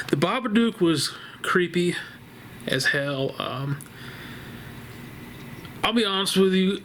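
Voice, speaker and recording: A man's voice: fairly high pitch, fairly bright tone, a little hiss or hum. A man casually reviewing a horror movie from his couch at home, rambling and laughing, blunt and profane. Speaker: vlogger reviewing a horror film. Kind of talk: casual spoken film review. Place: living room couch at home.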